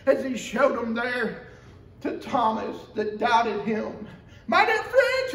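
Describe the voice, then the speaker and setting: In a church sanctuary, a man from Georgia, USA delivers a fervent sermon as pastor, alternating loud cries with quiet, low stretches and swinging widely in pitch and volume. Captured from a distance, the audio carries the church's echo.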